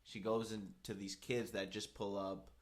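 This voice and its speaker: This podcast co-host is a young man whose voice sits on the low side and moves a little slowly. Chatting casually, he spins a lively story, performing the voices of the people he quotes and saying "like" constantly.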